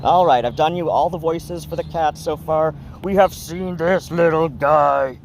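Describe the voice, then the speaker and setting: A man's voice: a little high, unhurried. A man chatting casually in a vlog about his cat, rambling with many fillers and slipping into baby talk. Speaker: cat owner vlogger. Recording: noisy outdoor recording with traffic.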